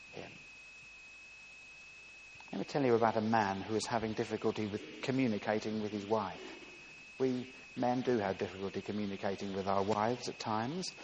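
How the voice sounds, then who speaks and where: A man preaching a sermon with emphatic delivery, dropping soft and rising loud. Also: medium pitch. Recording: long reverb with faint hiss.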